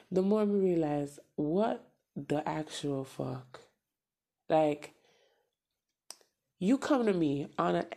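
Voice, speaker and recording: Gravelly-voiced woman venting bluntly. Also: on the low side, warm tone. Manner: blunt, profane, emphatic repetition. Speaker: podcast host. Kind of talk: casual venting monologue.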